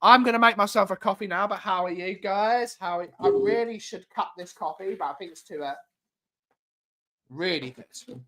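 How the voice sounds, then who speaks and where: A man's voice: high voice, moderate pace, sharp tone. A man from England hosting a casual livestream, greeting chat viewers in a rambling, repetitive way. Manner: chatty, rambling, repeats phrases. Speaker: livestream host. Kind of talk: casual live chat reading viewer comments. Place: home.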